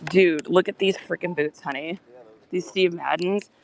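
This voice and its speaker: A woman with a fairly low, gravelly voice, speaking a little slowly, hosts a casual livestream from outdoor garage sales. She's chatty and often slips into a whisper.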